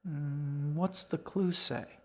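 A man's voice: a little high, steady tone, takes it slowly, a little mellow, pitched above the performer's own voice. A man reading aloud, voicing a friendly, self-assured young woman who teases two kids.

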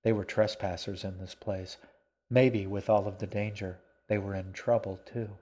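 Low-voiced man narrating an audiobook. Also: fairly even intonation, moderate pace, darkish tone, slightly rough.

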